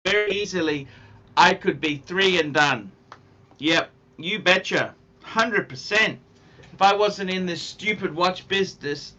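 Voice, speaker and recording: A talkative man runs a casual livestream, reading out viewer comments and joking as he goes. His voice sits fairly high for a man and is very bright and sharp, and he talks at an unhurried pace. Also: dull audio. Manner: chatty, jokey, reads viewer comments aloud. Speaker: livestream host.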